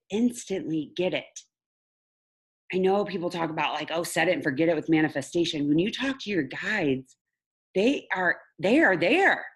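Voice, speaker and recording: A woman coach speaks on a video call in a somewhat low voice, warm and unguarded as she tells her story. Her manner is emotional and candid, and she laughs at her own slips. She talks directly to the people watching her live class. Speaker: mindset coach.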